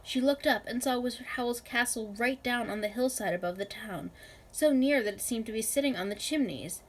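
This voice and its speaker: A woman reading a novel aloud in a measured, expressive way. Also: fairly high pitch, low-quality recording. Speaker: reader.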